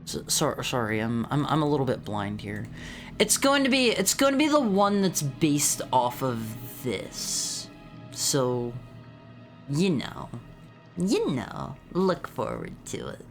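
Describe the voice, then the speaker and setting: Animated, chatty male streamer. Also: medium pitch, slow pace, creaky, faint music behind. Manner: animated, self-interrupting, repeats words. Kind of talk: casual stream chat.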